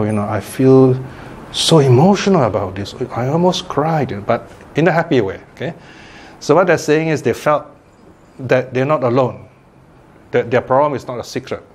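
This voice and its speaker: A man's voice: mid-range voice, darkish tone, a little hiss or hum. Older man giving a chatty Dhamma class. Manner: chatty, checks in with listeners by asking "okay?" and "right?". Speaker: Buddhist meditation teacher. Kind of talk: informal Dhamma class talk.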